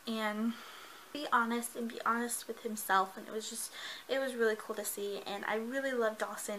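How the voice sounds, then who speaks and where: A woman reviewing a book in a casual vlog, gushing and excitable, with lots of fillers. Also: a little high, slight background noise, low-quality recording.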